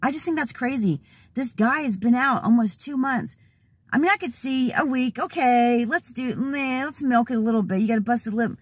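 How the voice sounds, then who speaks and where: A hoarse, worked-up woman venting casually to her vlog audience with exasperated, laughing asides. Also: a little high, normal speed, no room sound. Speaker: vlogger. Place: in a car, then at home.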